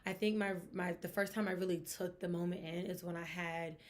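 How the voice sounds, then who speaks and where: A young woman hosting a sports podcast, talking in a chatty, expressive way with emphatic asides. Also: lowish voice, fairly quick. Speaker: podcast host. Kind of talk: casual sports gossip chat.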